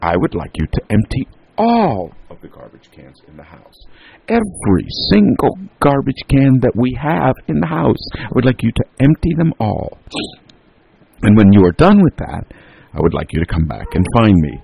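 A man's voice: low voice, wildly swooping pitch, moderate pace, vocal fry, few pauses, a little mellow, husky, full character voice. A man voicing a stern, insistent mother who keeps repeating orders to her two boys.

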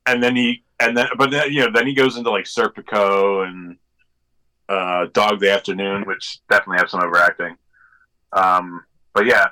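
A man's voice: on the low side, fairly even intonation, moderate pace, pushed and bright, low-quality recording. A man co-hosting a podcast in casual chat, rambling and digressing with lots of fillers. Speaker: podcast co-host.

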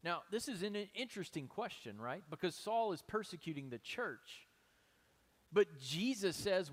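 High-voiced preacher in a reverberant hall. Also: male voice, sing-song, moderate pace. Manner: emphatic preaching, many rhetorical questions, shifts between soft and loud. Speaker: pastor. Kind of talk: sermon.

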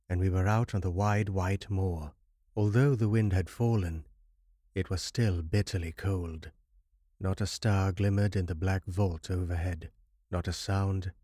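Brief: male audiobook narrator, deep and warm, close and dry recording. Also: slightly rough, dry recording. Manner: steady, measured storytelling. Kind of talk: audiobook horror story reading.

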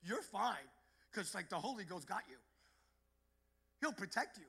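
A male preacher voicing an anxious male servant who pleads with a prophet in quiet, hurried, casual modern words. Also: high voice, big pitch swings, vocal fry, breathy edge, voice pushed down, full character voice.

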